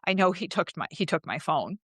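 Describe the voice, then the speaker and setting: A woman's voice: on the low side, sing-song, brisk, a bit bright, breathy edge, no room sound, studio quality. A woman hosting a podcast, telling her own story candidly and emotionally, with swearing, and raising her voice when she acts out her past pleas. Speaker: host.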